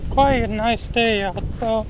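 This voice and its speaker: A vlogger drawls out an unhurried, rambling opinion piece, doubling back on words and restarting thoughts. The outdoor phone mic carries clear wind rumble and a boat somewhere behind. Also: muffled recording. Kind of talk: casual opinion vlog.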